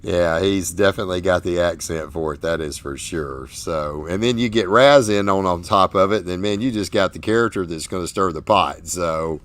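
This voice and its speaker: A man with a Southern American accent hosts a relaxed chat. His voice sits very low, and his talk is folksy and rambling, full of restarts and repeated words. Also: moderate pace, few pauses. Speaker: host. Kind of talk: casual interview chat.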